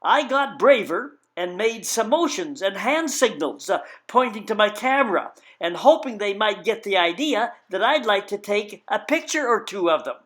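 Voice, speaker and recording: An older man from Canada telling a personal travel story in a folksy, wry way, halting often with "uh" fillers. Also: sits high, animated, fairly bright tone. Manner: halting, many "uh" fillers, wry self-mocking humor.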